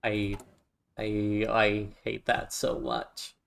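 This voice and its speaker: A man's voice: on the low side, lively intonation, drawn-out words, gravelly, a little hiss or hum. Wry man narrating a strategy game. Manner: chatty, wry, talks to himself while playing. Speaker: gaming YouTuber. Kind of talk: casual let's-play commentary.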